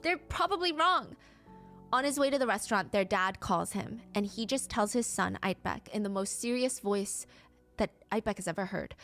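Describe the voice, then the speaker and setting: Woman, true crime narrator, middle pitch, faint music bed behind her. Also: expressive, moderate pace, a bit bright. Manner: acts out quoted lines with rising pitch.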